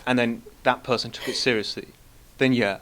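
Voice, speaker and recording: A man's voice: mid-range voice, steady tone, moderate pace, fairly bright tone, slight background noise. A man with a smoker's voice, a podcast guest bantering in a brash, teasing, profane way.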